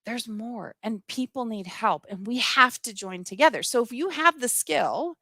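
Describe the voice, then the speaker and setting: A woman's voice: a little high, animated, normal speed, bright, forceful tone, no room sound. A middle-aged woman hosting a livestream, talking earnestly and with passion to her viewers and reading out their comments. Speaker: livestream host. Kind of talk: live-streamed personal talk to viewers.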